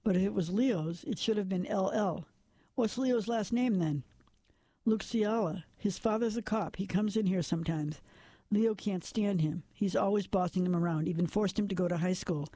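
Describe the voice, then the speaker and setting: A man's voice: high-pitched, moderate pace, warm tone, no echo. A man voicing a young pregnant barmaid, tearful and defiant, reading an audiobook. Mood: tense, defiant.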